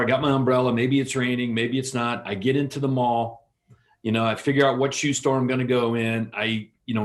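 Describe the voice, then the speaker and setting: Man, co-presenter, casual teaching, storytelling, acts out dialogues. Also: medium pitch. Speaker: real estate coach, co-presenter. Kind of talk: conversational teaching with role-play examples.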